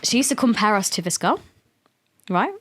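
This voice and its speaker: A woman's voice: medium pitch, big pitch swings, normal speed, slight background noise. A young woman talking as a guest on a podcast in easy, loose chat. She laughs often, swears freely and jumps into quoted voices of her mother while she tells a story.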